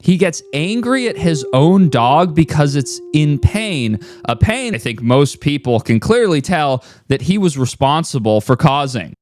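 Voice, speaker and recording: A man's voice: fairly high pitch, sing-song, unhurried, a little mellow. A man giving a mocking, incredulous reaction commentary on a streamer's clip.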